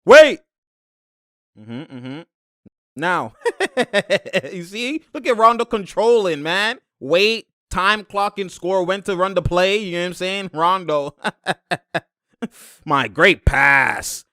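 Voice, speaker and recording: A young man reacts to basketball footage in loose, slang-heavy commentary, laughing a lot and jumping into squeaky impressions of players. His voice sits a little high and sounds bright and clean. The recording is close and dry. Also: slow, no room sound.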